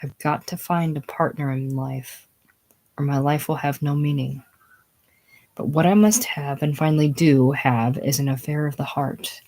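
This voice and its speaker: A high-strung, romantic woman schoolteacher, read by a woman in a casual play reading, breathless and theatrical. The voice sits low and deep for a woman. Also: a little mellow, low-quality recording.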